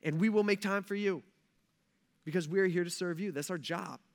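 A man's voice: sits high, moderate pace. A man in his thirties, a pastor preaching a casual sermon in a church, joking and using slang. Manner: chatty and joking, slangy asides.

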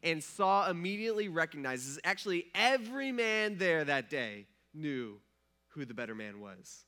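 A man's voice: a little high, very animated, normal speed, sharp tone. A man preaching a sermon, retelling a story in a conversational way and casually acting out the characters' lines. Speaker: pastor.

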